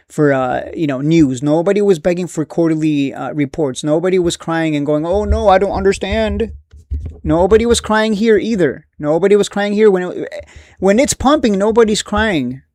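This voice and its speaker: A man's voice: high-pitched, a little mellow. A man with a slightly raised voice talks in a loose, foul-mouthed ramble on a live stream. He brushes worries off with blunt dismissals and keeps restarting his sentences. The sound is dry and close, with no room echo. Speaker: stock market streamer. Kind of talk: casual live-stream commentary.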